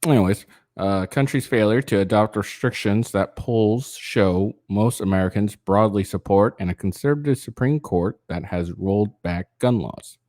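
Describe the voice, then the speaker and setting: A man's voice: lowish voice, normal speed, darkish tone, no echo, clean studio sound. A tired man reading a news article aloud and breaking off into rambling, profane rants full of fillers and restarts. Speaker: political commentary channel host.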